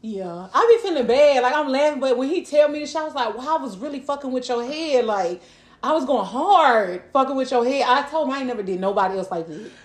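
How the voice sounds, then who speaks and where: Animated woman telling stories in an echoey room. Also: high-pitched, a little fast. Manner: animated storytelling, laughing, frequent swearing. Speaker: podcast co-host. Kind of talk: casual chat.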